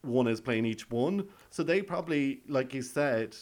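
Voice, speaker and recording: A man's voice: medium pitch, lively intonation, unhurried. A man hosting a podcast, chatting casually and playfully about a reality show and laughing often. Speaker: podcast host. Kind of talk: casual recap chat.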